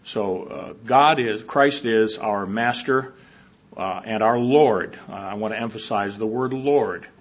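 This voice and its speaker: This sermon comes from a male preacher whose husky, mid-pitched voice has a slightly bright quality. He speaks reflectively and at a measured pace, pausing on fillers between points, on a dull, lo-fi recording that suggests a hall.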